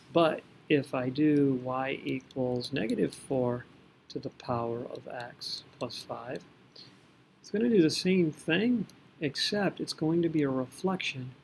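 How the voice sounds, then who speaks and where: A man's voice: medium pitch, creaky, slight background noise. A man teaching a recorded math lesson, talking through each step and catching his own slips as he goes. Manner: talks through working step by step, self-correcting.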